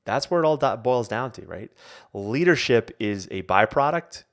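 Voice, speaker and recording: A man's voice: medium pitch, normal speed. A man hosting a live online Q&A as a coach, talking casually with many fillers and restarts. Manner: rambling, many fillers and restarts, animated quotes. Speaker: coach and host.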